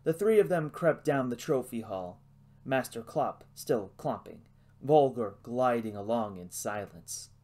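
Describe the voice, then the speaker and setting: Male audiobook narrator, hushed suspenseful storytelling. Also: mid-range voice, expressive, a little slow.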